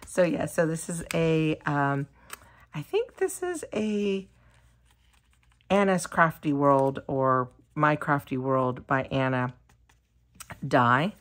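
A woman who is losing her voice chats casually while unboxing gifts, gushing and excitable, and she says "oh my gosh" again and again. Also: low-pitched, takes it slowly, long pauses. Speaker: crafting vlogger.

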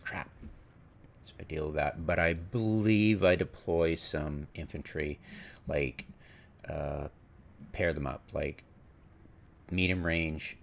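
A man casually commenting on a game replay, rambling and retelling his own reactions, with sudden excited exclamations. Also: rumbling low, slow, creaky, long pauses. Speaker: gameplay commentator.

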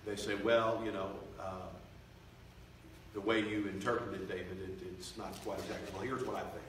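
A man preaching a revival sermon, swelling loud and slow for emphasis, then dropping to quiet, confiding tones. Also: lowish voice, level tone, a little hiss or hum. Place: church sanctuary. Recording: echoey church from far off.

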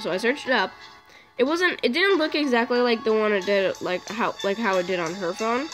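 A young woman hosting a gaming channel, chatting casually, often swearing and yelling at the game. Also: fairly high pitch, brisk, low-quality recording. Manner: swears a lot, yells at the game. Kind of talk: casual gameplay chat. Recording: music playing behind.

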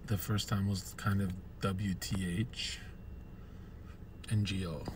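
A male streamer talks from inside a parked car in a somewhat low voice. His chat with viewers is loose, crude and rambling, full of jokes. A faint hum of background noise sits under it. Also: steady tone, slow.

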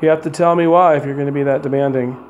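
A man with a fairly high voice asks soft, coaxing questions during a ghost box session. He speaks as if to unseen listeners in a quiet hotel room, with a faint hiss in the background. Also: steady tone, rapid-fire, phone-quality sound. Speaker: paranormal investigator.

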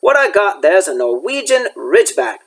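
A man's voice: sits high, very animated, normal speed, fairly bright tone, heavily acted, low-quality recording. A man reading aloud as a big, blunt groundskeeper with a rustic dialect. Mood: pleased. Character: big gruff kindly groundskeeper man, proud. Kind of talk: reading a chapter book aloud.

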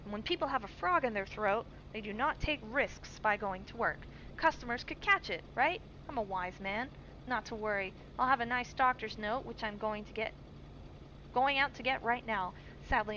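A woman's voice: a little high, normal speed, bright, forceful tone, muffled recording, a little hiss or hum. A woman voicing a sly male shopkeeper who fakes a cold, reading his game note aloud in a mock-polite, smug way.

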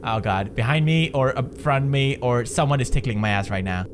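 A man's voice: mid-range voice, moderate pace, background noise. A man doing horror game commentary, jumpy, sarcastic and profane. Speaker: gaming video creator.

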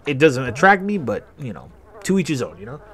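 A man's voice: mid-range voice, big pitch swings, fairly quick, fairly bright tone. Rambling man telling stories while gaming. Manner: rambling, profane, self-correcting. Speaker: gaming channel host. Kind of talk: casual storytelling over a game playthrough.

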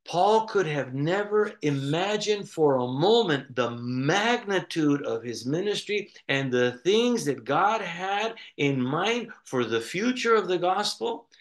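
A man preaching a sermon, telling stories in a rambling, animated way with frequent restarts. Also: a little high, takes it slowly, few pauses. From United States. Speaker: pastor.

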